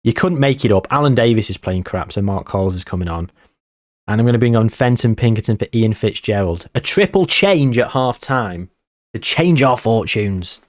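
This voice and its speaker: A man, tired, giving casual commentary on a football management game and muttering player names between bursts of excitement. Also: on the low side, normal speed, no room sound, studio quality. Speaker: gaming channel host.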